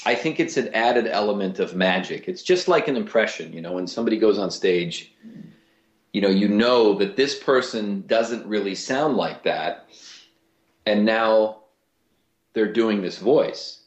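A man, a voice actor and comedian, telling stories in a casual interview with lively restarts. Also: on the low side, a little slow, reverberant, dull audio. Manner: animated storyteller, lots of restarts.

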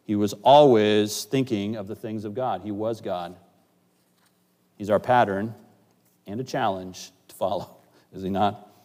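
Pastor preaching in a reverberant hall. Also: male voice, lowish voice, fairly even intonation, unhurried, long pauses. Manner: dynamic, swings between loud emphasis and quiet asides. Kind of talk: sermon. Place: church sanctuary. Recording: long church hall reverb.

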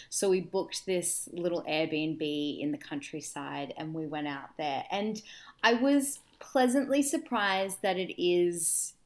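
An Australian woman in her thirties hosting a podcast, telling travel stories in casual chat with deadpan asides. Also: low-pitched, measured pace. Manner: chatty storyteller with deadpan asides. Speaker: podcast host.

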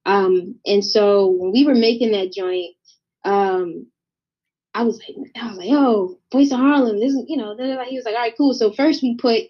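A young woman with a fairly high voice tells a lively anecdote, jumping in and out of the voices of the people she met. The sound is dull and lo-fi. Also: normal speed. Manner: animated, acts out voices in her anecdotes. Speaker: guest artist. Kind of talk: casual storytelling interview.

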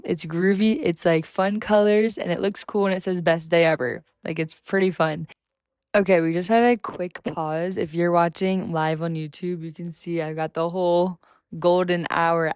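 A woman's voice: fairly low pitch, a little mellow, clean tone, dry recording, studio quality. A young woman hosting a casual faith podcast, chatty and upbeat with many fillers, acting out her own small talk with strangers. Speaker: podcast host. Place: small room, filmed live.

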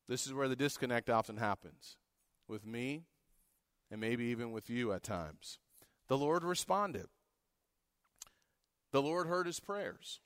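A man's voice: on the high side, animated, normal speed, a bit bright, no room sound, studio quality. A man preaching a sermon, earnest and rising to impassioned pleading when he reads scripture.

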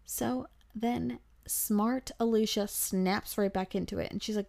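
A woman in her twenties who hosts a podcast, telling a travel story in a lively, breathless way and acting out the quotes. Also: mid-range voice, unhurried, gravelly. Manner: animated, breathless, acts out quotes. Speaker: podcast host. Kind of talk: casual storytelling.

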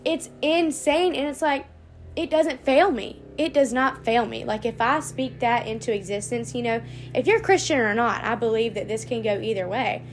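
A young woman talks straight to her audience in a loose, rambling vlog chat. She swears casually and drifts from thought to thought. Her voice sits a bit higher than most. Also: normal speed, a little hiss or hum. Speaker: vlogger.

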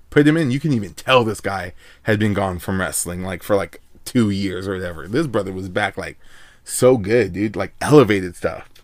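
Laid-back, rambling man with a low voice. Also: no echo. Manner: rambling, laid-back, heavy on filler words. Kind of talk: casual storytelling.

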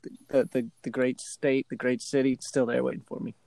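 A man's voice: mid-range voice, level tone, a little fast, vocal fry, warm tone, no room sound. A man in his twenties from the New Orleans area co-hosting a podcast from a closet, rambling and self-deprecating. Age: 20s. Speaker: podcast co-host. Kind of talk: casual podcast banter. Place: small closet in a house.

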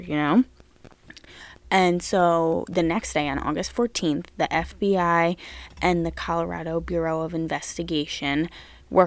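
Woman podcast host, casual storyteller, low-ish voice, lots of fillers, swears freely. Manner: chatty, heavy "like" fillers, blunt swearing, exasperated outbursts. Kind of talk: casual true-crime storytelling.

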